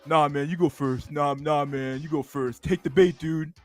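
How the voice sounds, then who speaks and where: A man's voice: fairly high pitch, fairly even intonation, normal speed, soft background music, natural voice. A man voicing a dim-witted, eager male fish who talks like a bro and keeps saying "bruh" and "dude.". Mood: hyped, excited. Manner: repeats "bruh" and "dude" constantly.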